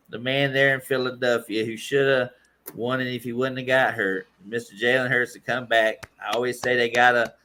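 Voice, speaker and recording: A man on a casual sports podcast, running through a ranked list in a relaxed way. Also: mid-range voice.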